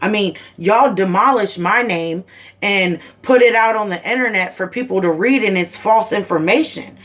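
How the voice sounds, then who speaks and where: A woman vents her anger straight to the camera, blunt and heated, with curses in almost every line. Her voice sits at an ordinary middle pitch for a woman. She talks as a mother of seven. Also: normal speed, a bit bright. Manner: heated, blunt, heavy swearing. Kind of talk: angry personal video rant.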